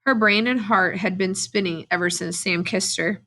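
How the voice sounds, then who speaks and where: A woman teacher reading a novel aloud to her students at a steady, plain pace, with brief asides to the class. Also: mid-range voice, moderate pace.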